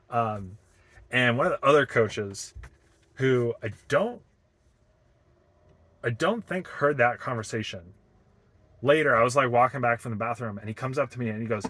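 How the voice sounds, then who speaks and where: A young vlogger from Boston talks in a casual, reflective vlog, his medium-pitched voice a bit bright. He speaks haltingly, with many fillers and restarts.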